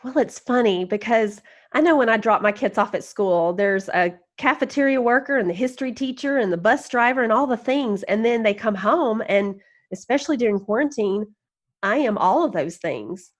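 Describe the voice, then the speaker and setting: A woman guest on a podcast interview, telling self-mocking stories in an animated, encouraging way and laughing as she goes. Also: a little high, normal speed. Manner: encouraging, upbeat. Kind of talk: casual storytelling interview.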